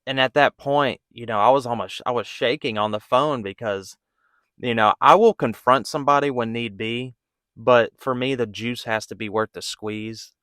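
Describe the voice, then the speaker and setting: A man's voice: mid-range voice, normal speed, fairly bright tone, dry recording, studio quality. A man who runs a pressure washing business telling a story in a candid, casual way, acting out the back-and-forth in his own voice. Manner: candid, conversational, acts out quoted dialogue.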